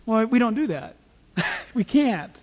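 A male pastor preaching a sermon in a church, in a conversational, animated way with playful asides. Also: very high-pitched, unhurried, long reverb tail, muffled recording, a little hiss or hum.

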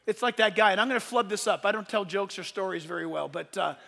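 A man's voice: high-pitched, fast talker, gravelly, pushed and bright. A man preaching a sermon as pastor, emphatic, sometimes speeding up and raising his voice. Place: church. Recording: long reverb of a church hall.

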